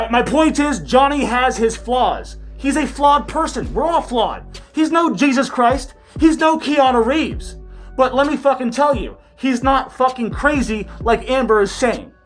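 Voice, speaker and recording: Commentary vlogger: woman, loud and profane, sarcastic, mask-muffled, pitched above average. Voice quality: slightly muffled by a face mask. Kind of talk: ranting commentary.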